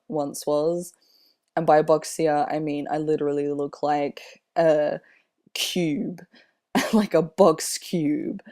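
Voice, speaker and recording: A young man in his twenties with a slightly airy voice, talking casually in a personal vlog, unhurried and rambling with many fillers. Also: fairly high pitch, dark tone, smooth. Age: 20s. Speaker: vlogger.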